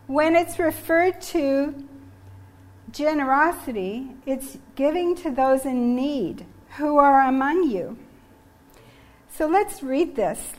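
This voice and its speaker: A woman's voice: high-pitched, a little mellow. A woman giving a sermon on generosity, earnest and emphatic, reading scripture passages from slides. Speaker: preacher.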